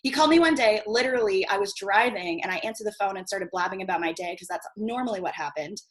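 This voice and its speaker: A woman's voice: medium pitch, fast. A woman teaching a marketing workshop over a video call, chatty and casual, swearing freely and checking in with "okay?" again and again. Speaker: guest marketing coach.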